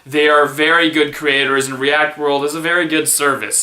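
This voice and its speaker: A man's voice: a little high, little pitch movement, moderate pace, few pauses, echoey room, over music. A young man giving sarcastic, mock-enthusiastic reaction commentary. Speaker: comedic reaction vlogger.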